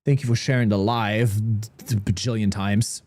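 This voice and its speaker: A man's voice: lowish voice, steady tone, normal speed, a little mellow, no echo. A young man from Germany, casually chatting with viewers and cracking jokes while streaming a game. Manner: joking, cursing, chatting with viewers. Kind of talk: casual livestream commentary.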